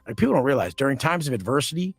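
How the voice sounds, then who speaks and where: A man's voice: medium pitch, big pitch swings, racing, gravelly, slightly rough, dry recording, soft background music. A man as a podcast guest, telling blunt, aggressive stories and swearing constantly, often acting out confrontations. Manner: acts out quoted confrontations. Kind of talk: profane storytelling in a podcast interview.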